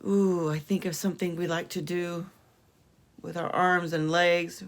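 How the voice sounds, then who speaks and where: A woman teacher leads young children through a phonics lesson, stretching out each letter sound and coaxing them along. She speaks very slowly, in a lowish voice with a gravelly edge. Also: little pitch movement. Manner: slow, encouraging, drawn-out sounds for kids.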